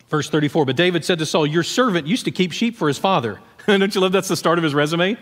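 A man gives a sermon to a congregation, voice a touch higher than most. He talks in a loose, conversational way, acting out scenes with asides. The sound carries a long hall reverb. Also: fast, hardly any pauses. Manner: conversational, animated storytelling with laughs and asides. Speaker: pastor.

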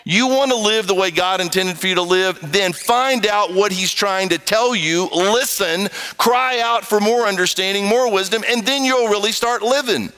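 A man's voice: sits high, moderate pace, hardly any pauses, clean tone, low-quality recording. A man preaching a sermon, reading scripture aloud and acting out the people he quotes. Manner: animated, acts out quoted voices.

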